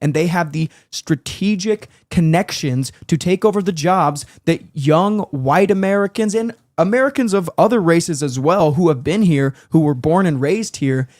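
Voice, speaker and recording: A man delivering a public speech, emphatic and declaiming. His voice sits a little high for a man and sounds close and dry, with no room around it. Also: moderate pace, hardly any pauses, a little mellow, no room sound. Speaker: political speaker.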